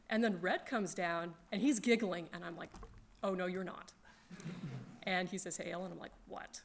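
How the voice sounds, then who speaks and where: Woman storyteller, animated, laughs a lot, faint noise behind, for a casual gaming anecdote. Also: fairly low pitch, moderate pace, creaky. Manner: animated, laughs often, acts out friends' lines. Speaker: speaker telling gaming stories.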